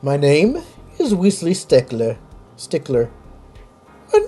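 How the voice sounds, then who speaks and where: A man's voice: fairly high pitch, big pitch swings, slow, warm tone, breathy edge, heavily acted. A man voicing a pompous young male student witness who talks in overblown, wordy phrases with a put-on accent.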